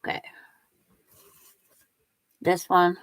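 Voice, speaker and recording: A woman's voice: extremely slow, fairly bright tone, no echo. An older woman hosting a quilting livestream, chatting with viewers and talking herself through each step as she sews. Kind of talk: casual chat while sewing.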